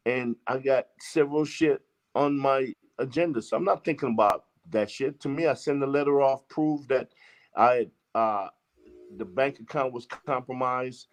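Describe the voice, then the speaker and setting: Profane, animated male storyteller. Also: mid-range voice, normal speed, soft background music. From Jamaica. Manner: profane, emphatic, acts out quoted exchanges. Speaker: interview guest. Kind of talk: casual storytelling.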